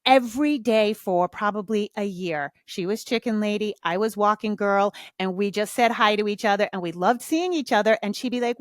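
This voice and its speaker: A woman's voice: mid-range voice, moderate pace, no echo, studio quality. A middle-aged woman hosting her own podcast, talking frankly in casual chat, swearing freely and acting out little exchanges. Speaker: podcast host. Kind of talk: casual solo podcast talk.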